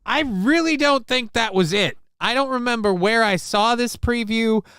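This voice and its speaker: A man's voice: extremely high pitch, normal speed, a bit bright, clear, resonant tone, dry recording. A man hosting a livestream, chatting casually and reading out viewer comments in a rambling, profane, joking way. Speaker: livestream show host.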